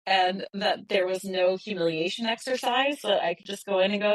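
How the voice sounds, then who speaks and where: A woman from California with a Bay Area accent, hosting a casual podcast chat in an animated, emphatic way. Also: mid-range voice, fairly quick, hardly any pauses, no room sound, poor audio. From California, USA. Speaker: podcast host.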